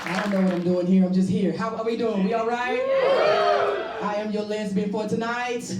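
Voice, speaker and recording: A woman doing a bawdy stand-up comedy set on stage, with loud punchlines. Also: medium pitch, fairly even intonation, normal speed, heavy background noise. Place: stage before a live audience. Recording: roomy, distant mic with crowd laughter. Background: audience laughing.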